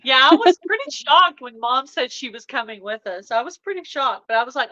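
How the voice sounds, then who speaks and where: A woman's voice: sits high, lively intonation, a little fast, hardly any pauses, bright, forceful tone. A woman hosting a live stream, chatting casually and rambling with fillers. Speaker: livestream host. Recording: dull lo-fi livestream audio.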